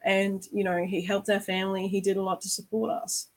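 A woman's voice: medium pitch, flat delivery, brisk, rough recording. A woman hosting a candid conversation, earnest and reflective, often asking "right?". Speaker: host.

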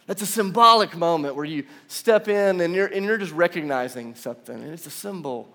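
A man's voice: high voice, a little fast. A young man preaching a conversational sermon in a large church room, telling stories with casual asides. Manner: animated storytelling, casual asides. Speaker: pastor. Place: large church room with about seven hundred seats.

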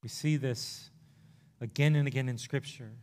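A male pastor preaching a sermon in an earnest, conversational way, rushing through some phrases and slowing on others. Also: mid-range voice, steady tone, darkish tone. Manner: earnest, conversational preaching with quick bursts and pauses.

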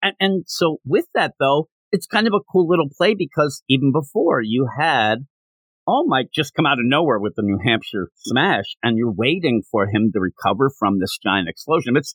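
A man's voice: medium pitch, animated, normal speed, a bit bright, no room sound. A man hosting a casual podcast, animatedly retelling comic scenes and acting out the characters' lines. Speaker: podcast host.

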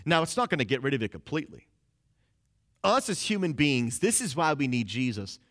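Man, young adult, preacher, conversational sermon, animated delivery, acts out inner voices. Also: medium pitch, brisk. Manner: casual, conversational preaching with frequent "like". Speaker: pastor.

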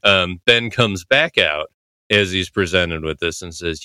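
A man with a low, smooth, resonant voice talks through a TV scene in a loose, rambling style, leaning on filler words. His tone is bright and forceful. The recording is dry and close. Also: measured pace, no echo. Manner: rambling, heavy "you know" fillers, laughs often. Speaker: podcast host analyzing a TV episode. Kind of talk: casual commentary.

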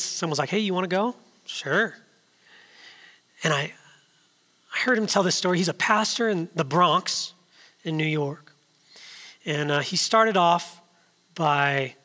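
A man in his thirties delivers a sermon in a bright, ringing, high-pitched voice. He tells stories, sinking to quiet asides before rising to loud, urgent peaks. His voice carries the long reverb of a large church hall. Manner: storytelling, builds from hushed to loud and urgent. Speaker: preacher.

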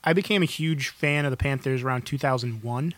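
A man chatting on a podcast, excitable and quick to laugh, often restarting his sentences. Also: medium pitch, no echo, studio quality. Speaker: podcast co-host. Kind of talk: casual chat.

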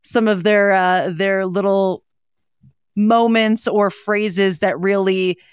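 A woman co-hosting a podcast chats casually about hope and mental health in a warm, earnest way, with frequent ums and you-knows. Her mid-range voice is steady, slow, clear and resonant, recorded close and dry with no echo or room sound.

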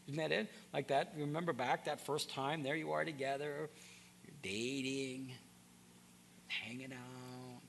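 A man's voice: mid-range voice, steady tone, a little slow, gravelly, fairly bright tone, a little hiss or hum. A man preaching a sermon, earnest and direct, often repeating words as he starts a sentence. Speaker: pastor.

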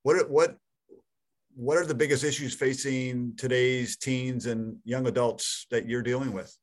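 A man's voice: medium pitch, fairly even intonation, a little slow. A man interviewing a guest, asking brief questions and affirming her answers.

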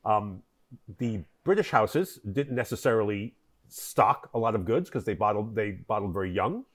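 The man's voice is fairly low, expressive and at a normal speed. As a wine importer guesting on a podcast, he explains history at length in a conversational interview, with frequent fillers and restarts.

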